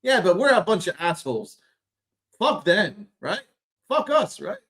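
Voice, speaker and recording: Man, slightly higher voice, sarcastic ranting podcast host, exasperated and profane. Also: big pitch swings, measured pace, fairly bright tone. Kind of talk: ranting sports commentary.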